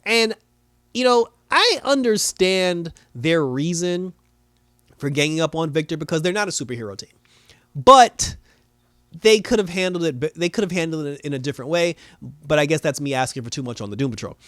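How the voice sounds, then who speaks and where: A man's voice: a little high, lively intonation, moderate pace, a bit bright, dry recording, studio quality. Slangy, laughing man recapping a show. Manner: slangy, rambling, laughs often. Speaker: TV episode reviewer. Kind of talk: casual recap and review.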